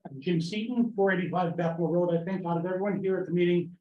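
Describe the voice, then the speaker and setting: A man's voice: high voice, quick pace. A man in his fifties speaking bluntly and scornfully at a town meeting public comment. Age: 50s. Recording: echoey room, dull lo-fi sound.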